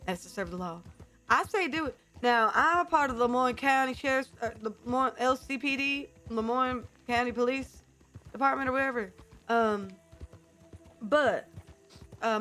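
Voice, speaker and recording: Woman streamer, casual and rambling, slightly high voice, sustained character accent. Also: bright, forceful tone. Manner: holding a put-on character accent, chatty with fillers. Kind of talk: casual chat to stream viewers.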